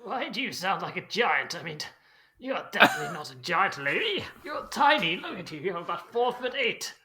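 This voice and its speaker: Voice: medium pitch, big pitch swings, normal speed, sharp tone. A tabletop game player talking in a playful, teasing way. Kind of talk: casual tabletop game play.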